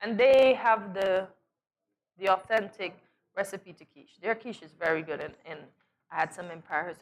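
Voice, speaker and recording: A woman's voice: mid-range voice, normal speed. A woman co-hosting a morning show, chatting and joking playfully. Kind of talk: casual chat.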